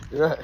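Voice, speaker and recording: In a clip with background noise and the highs cut off, a young man walks his dog outside and films himself on his phone, delivering a rambling, preachy monologue as a self-styled prophet, constantly saying "you get me" and "people."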